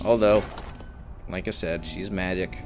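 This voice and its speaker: A man's voice: low voice, steady tone, measured pace, heavy background noise. A man giving casual gameplay commentary as a let's play host, rambling with exasperated asides.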